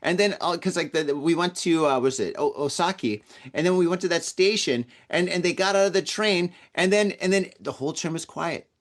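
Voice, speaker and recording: Male podcast host with a fairly high voice, rambling casual anecdote, stumbles and repeats himself. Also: a little fast. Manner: rambling, repeats words, acts out quoted voices. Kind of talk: casual storytelling monologue. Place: lives in Tokyo.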